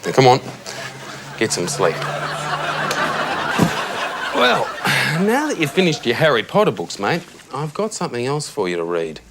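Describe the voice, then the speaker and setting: Heard over very noisy sound, a medium-pitched male voice swoops wildly at a moderate pace, leaving long pauses. It's an Australian actor in a TV comedy sketch playing a tactless, blithe middle-aged dad who chummily tucks his son into bed at night, calling him mate.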